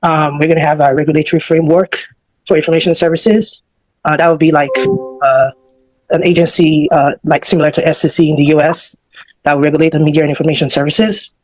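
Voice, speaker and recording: A man's voice: on the high side, little pitch movement, fast, low-quality recording. A man out of breath, giving rambling prepared remarks as an official on an online call, with fillers and self-corrections. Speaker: government department official. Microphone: online call audio.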